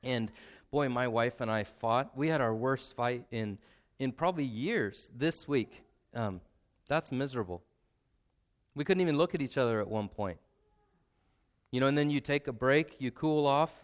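Smooth-voiced man preaching conversationally. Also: mid-range voice. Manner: conversational, self-deprecating, slows for emphasis. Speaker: pastor. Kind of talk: sermon.

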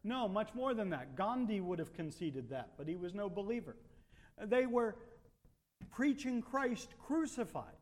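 A man's voice: high-pitched, animated, unhurried. A man preaching a sermon, reading scripture and asking rhetorical questions with rising emphasis. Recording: long hall reverb.

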